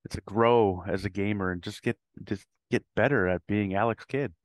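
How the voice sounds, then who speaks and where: A man's voice: lowish voice, fairly even intonation, moderate pace, no room sound. A man chatting as a guest over a video call, teasing and laughing, often repeating his words. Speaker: podcast guest. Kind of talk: casual chat.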